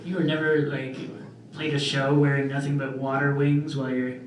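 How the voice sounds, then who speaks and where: A young man doing a stand-up comedy set, deadpan and self-deprecating, with trailing fillers. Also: mid-range voice, moderate pace, slight background noise. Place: club stage in front of a live audience. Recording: roomy club audio from far off. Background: audience laughter.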